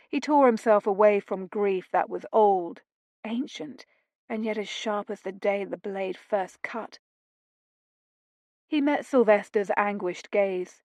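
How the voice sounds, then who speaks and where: A woman reading a romance audiobook in steady, measured scripted narration on a close mic. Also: medium pitch, dry recording.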